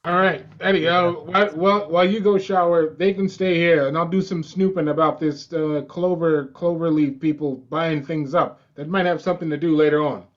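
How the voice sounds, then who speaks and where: A man performing improvised comedy on stage, halting with many fillers. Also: a little high, steady tone, highs cut off.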